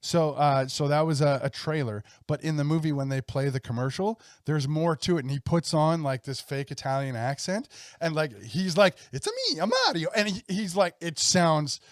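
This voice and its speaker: A man's voice: fairly high pitch, moderate pace, no echo, clean studio sound. A man in his thirties co-hosting a podcast, talking eagerly and rambling with restarts. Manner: enthusiastic, rambling with restarts and laughs. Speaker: podcast co-host. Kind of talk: casual chat.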